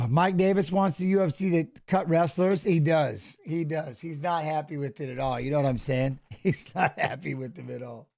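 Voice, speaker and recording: A middle-aged man hosting a live fight watch-along, laughing often, stammering and restarting, and shouting coaching cues at the screen. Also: a little high, normal speed, vocal fry, few pauses.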